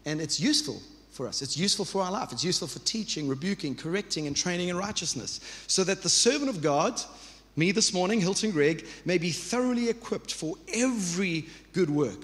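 A pastor in his thirties preaches in a warm, conversational way, doubling back on words as he builds each point. His voice sits a touch high for a man. It carries a long reverb, as if from a church hall. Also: lively intonation, fairly quick. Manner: earnest, conversational preaching with repetitions and asides. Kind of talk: sermon.

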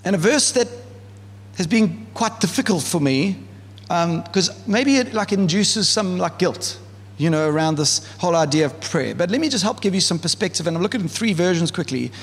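A man preaching as a pastor, in a relaxed, conversational style full of fillers and asides. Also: high-pitched, moderate pace, husky. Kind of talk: sermon. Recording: church hall with long reverb.

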